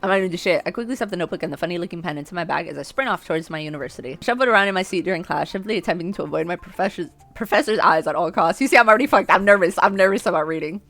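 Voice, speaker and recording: A young woman streamer reading a dating game aloud, breaking in with brash, profane and loud reactions. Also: lowish voice, racing, few pauses, faint music behind.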